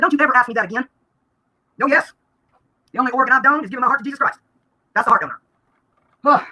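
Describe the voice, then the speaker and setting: A woman, venting bluntly and rapidly during a live-stream vlog, breaking into laughter now and then. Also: high voice, pushed and bright. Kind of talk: rambling live-stream rant.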